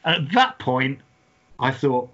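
A man co-hosting a comedy podcast, telling an odd story in an animated way and often laughing as he talks. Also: medium pitch, slow pace. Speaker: podcast co-host. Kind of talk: comic storytelling. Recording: dull lo-fi sound.

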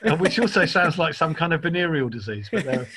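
A man's voice: on the high side, expressive, fairly quick, heavy background noise. A man co-hosting a podcast, telling rambling stories and laughing often. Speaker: podcast co-host. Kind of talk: casual chat.

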